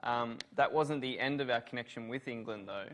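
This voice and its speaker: A man's voice: mid-range voice, normal speed, fairly bright tone. A man giving a university revision lecture on law, asking students questions and praising their answers.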